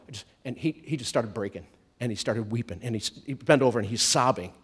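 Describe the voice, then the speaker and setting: A man preaching a sermon to a church congregation, animated, swinging from loud comic outbursts to soft hushed storytelling. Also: medium pitch, fast talker, slightly rough.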